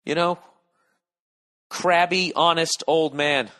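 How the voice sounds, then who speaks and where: A man's voice: fairly high pitch, fairly even intonation, slow pace, a bit bright. A man in his forties hosting a solo podcast from home, rambling and ranting in a profane, sardonic way. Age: 40s. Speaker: podcast host. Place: lying down at home.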